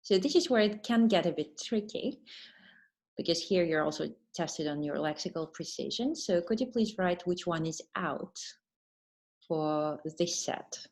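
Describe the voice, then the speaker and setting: A woman teacher trainer giving an online webinar lesson, explaining patiently and pausing to read answers from the chat. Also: lowish voice, expressive, darkish tone.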